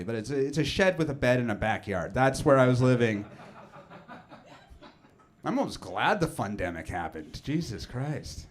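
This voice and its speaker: A man's voice: mid-range voice, very animated, moderate pace. A man, doing a rambling, self-deprecating stand-up set full of fillers and restarts. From Nova Scotia, Canada. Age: 30s. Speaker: comedian.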